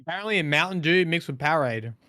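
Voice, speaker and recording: An Australian man with a fairly high, bright voice co-hosts a laid-back podcast chat. His delivery rambles and swears freely, with a self-mocking edge. His pitch jumps about as he talks, and the sound is close and dry. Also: animated, fast talker, dry recording. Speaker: podcast co-host. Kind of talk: casual chat.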